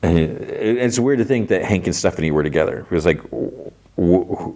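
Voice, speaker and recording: A man's voice: low-pitched, expressive, dark tone. A man hosting a podcast, casually retelling a television episode scene by scene, full of "he's like" and small restarts. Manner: retells scenes loosely, lots of "he's like" and "kinda", quick restarts. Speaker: podcast host.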